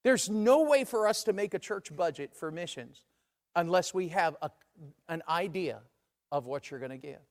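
A man's voice: fairly high pitch, expressive, moderate pace. A man preaching a sermon in a church, talking in a conversational way and acting out the voices of the people he quotes. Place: church sanctuary. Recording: long reverb of a large church.

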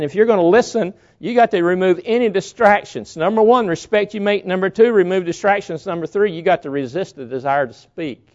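A man's voice: high-pitched, darkish tone. A man preaching a sermon in a folksy, storytelling way. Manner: folksy storytelling, acts out quoted voices. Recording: dull lo-fi recording.

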